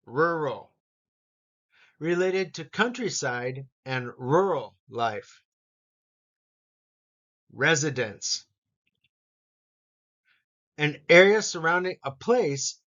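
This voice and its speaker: A man teaching an English vocabulary lesson, saying each word slowly and repeating it for learners. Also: a little high, a bit bright, muffled recording. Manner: slow, careful pronunciation drills with repetition.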